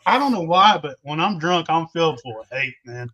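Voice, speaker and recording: A man with a high, bright voice tells crude, rowdy stories in casual chat, full of swearing. He talks as a guest on a loose, informal show. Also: expressive, a little fast, dull audio.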